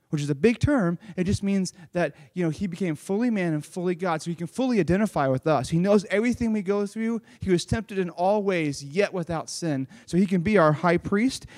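A man giving a lively children's sermon, reading a Bible passage and retelling it in casual, animated storytelling with lots of "like". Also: sits high, no echo, clean studio sound. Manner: casual, uses "like" often. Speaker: children's pastor.

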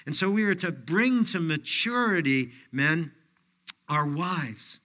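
Older guy preaching, chatty and folksy, lots of you knows, bright voice. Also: a little high, expressive, slow. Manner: folksy, anecdotal preaching with frequent fillers. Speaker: pastor. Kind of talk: sermon.

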